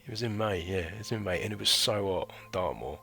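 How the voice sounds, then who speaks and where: There's slight background noise as this British man in his thirties rambles through a chatty vlog story about his military training as a former recruit, using slang and fillers. He talks fairly quickly in a low, creaky, bright voice with a forceful tone.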